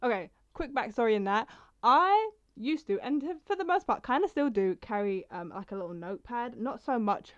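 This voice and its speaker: A young poetry vlogger with a fairly high, animated voice speaks at a moderate pace, casually discussing and reading her poems. She rambles and chats, frequently breaking into her own sentences. The lo-fi sound is slightly dull.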